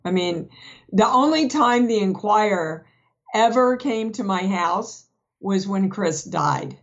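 A woman's voice: medium pitch, expressive, takes it slowly, highs cut off. A woman actress talking about films in a casual discussion, candid and frank, telling personal stories. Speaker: guest actress.

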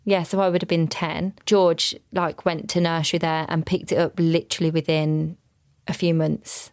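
A woman's voice: sits low, little pitch movement, moderate pace, dry recording, studio quality. A woman in her thirties from Birmingham with a Birmingham accent, chatting casually as a podcast guest and laughing often. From Birmingham, England. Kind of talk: casual chat.

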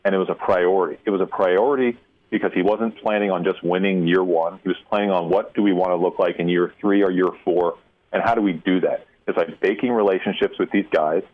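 A man, a college football insider, answering questions on a radio show in a measured, emphatic way. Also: low-pitched, steady tone. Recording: tinny phone line.

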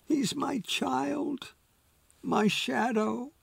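A man reading an audiobook, voicing a grieving woman who speaks softly and tearfully about her sick dog. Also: a little high, very animated, unhurried, creaky, breathy edge, dry recording, heavily acted. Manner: soft, tearful, near whisper.

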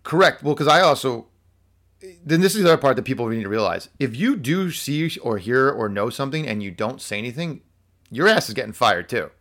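Animated man telling a story. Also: mid-range voice, a little fast. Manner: animated storyteller acting out quotes, many fillers. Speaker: guest telling a workplace story. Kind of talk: casual podcast chat.

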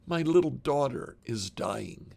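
A man's voice: mid-range voice, lively intonation, slow, vocal fry, mellow, full character voice. A man voicing a desperate father, a synagogue leader who pleads for help. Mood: pleading.

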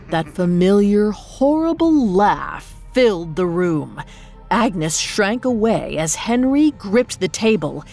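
Woman narrating a spooky story, slow and animated, faint music underneath. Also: mid-range voice, gravelly. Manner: dramatic, expressive storytelling. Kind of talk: scripted narration.

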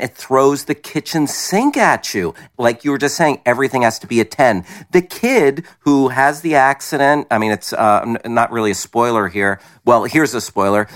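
A man's voice: medium pitch, a bit bright. A man co-hosting a podcast in casual review chat, opinionated but hedging with fillers. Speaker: podcast co-host.

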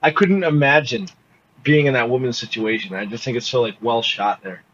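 A man co-hosting a podcast, talking in an excitable, profane way during casual chat. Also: medium pitch, brisk. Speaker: podcast co-host. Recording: slightly dull audio, faint noise.

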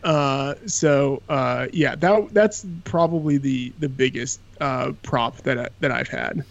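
A man's voice: mid-range voice, slow, gravelly, lo-fi sound. A man guesting on a podcast, talking casually in a rambling, self-deprecating way with many fillers.

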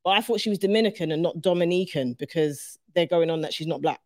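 A woman's voice: on the low side, fast, no room sound, studio quality. A woman, co-hosting a casual podcast chat and acting out quotes as she talks. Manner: animated, acts out quotes, frequent laughs. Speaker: podcast co-host.

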